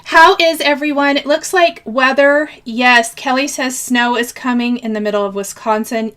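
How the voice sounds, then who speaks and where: Chatty high-voiced woman hosting a live stream. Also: steady tone, normal speed, a bit bright. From American Midwest. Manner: chatty, greets viewers by name, laughs often. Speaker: craft channel host. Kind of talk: live-stream chat with viewers.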